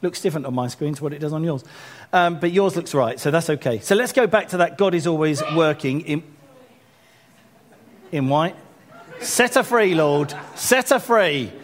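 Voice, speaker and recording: A man leading a church gathering as pastor, chatting through announcements in a self-deprecating way and growing animated when he urges the congregation on. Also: a little high, fairly quick, long pauses.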